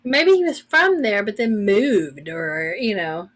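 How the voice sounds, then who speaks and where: A woman's voice: mid-range voice, sing-song, takes it slowly. A woman co-hosting a casual chat, mostly adding short agreeing remarks. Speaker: podcast co-host.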